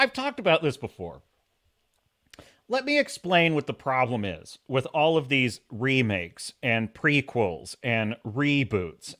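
A man hosting a live-streamed podcast, reading viewer comments in a jokey, animated way and laughing often. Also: mid-range voice. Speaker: podcast host.

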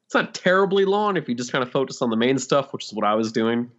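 A man on a podcast panel, talking about games in a relaxed, hesitant way with many fillers. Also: mid-range voice, fast talker. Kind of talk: casual game discussion. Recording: dull lo-fi mic.

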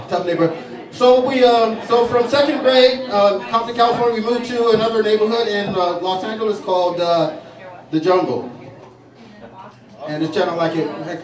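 Rambling stand-up comedian in an echoey bar. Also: male voice, high voice. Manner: rambling storytelling with many restarts and fillers. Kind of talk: stand-up routine. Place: saloon stage with an audience. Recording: distant, echoey bar recording with crowd. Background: audience laughing.

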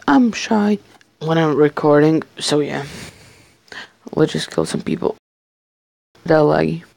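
A man giving casual commentary over a survival game match from his bedroom, excitable, swearing and jokingly boasting. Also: fairly high pitch, gravelly, no room sound. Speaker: gamer playing a survival match.

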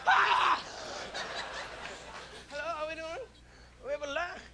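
A man's voice: very high-pitched, steady tone, fairly quick. A man doing a live stand-up set on stage, veering from strained yelps to mumbled asides. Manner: yelping, strained outbursts between mumbled asides. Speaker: stand-up comedian. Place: stage in front of a live audience. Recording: noisy VHS concert recording with crowd. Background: audience laughter and crowd noise.

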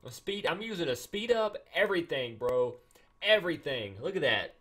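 A man giving casual, excitable gameplay commentary, repeating himself and acting mock-angry. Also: fairly high pitch, moderate pace, breathy edge. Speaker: gaming YouTuber.

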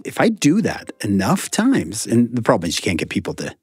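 A man's voice: lowish voice, a little fast, slightly rough, no echo. A middle-aged man, an author and professor guest, chatting animatedly and acting out quoted thoughts. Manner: animated, acts out quoted thoughts in shifting voices. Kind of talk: casual chat.

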